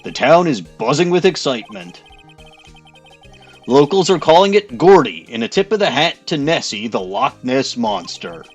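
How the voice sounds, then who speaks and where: A male TV news reporter with an exaggerated, mock-formal delivery, as a man puts on a silly voice. His pitch swings widely through each sentence. Faint music plays underneath. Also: sing-song, normal speed, breathy edge, highs cut off. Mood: newscaster. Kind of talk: comedic game playthrough voice-over.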